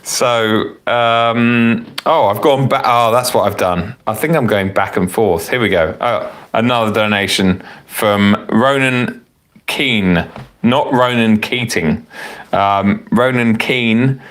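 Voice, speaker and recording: Casting note: low-voiced man hosting a live car Q&A, loose and chatty, a bit tipsy. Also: slow pace, a bit bright. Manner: rambling, self-correcting, chatty with frequent fillers. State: tipsy from wine. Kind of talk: casual live-stream chat reading viewer comments.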